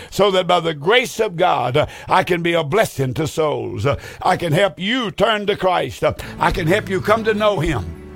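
A man's voice: on the high side, animated, moderate pace, gravelly, fairly bright tone, faint music behind. A man preaching on a broadcast, earnest and pleading, with many fillers. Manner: earnest, pleading, repeats phone numbers with fillers. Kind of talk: broadcast sermon appeal.

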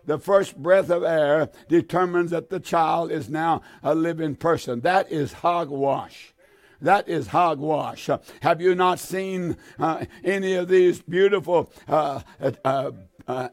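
An elderly man in his eighties delivers a fervent, pleading sermon in a fairly high voice, his speech full of "uh" and restarts. He presses hard on his listeners with direct appeals and repeated lines. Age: 80s. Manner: fervent pleading preaching with frequent "uh" fillers. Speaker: preacher. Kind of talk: radio sermon.

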